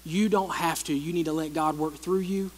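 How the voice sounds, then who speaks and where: Male pastor, high-pitched, conversational sermon delivery with repetition, long hall reverb. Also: normal speed. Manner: conversational preaching, animated retelling with repeated phrases. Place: church hall.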